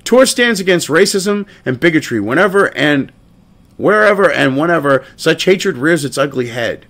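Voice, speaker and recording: A man's voice: fairly high pitch, sing-song, moderate pace, a bit bright. A man hosting a commentary show, ranting profanely and mocking a statement as he reads it aloud.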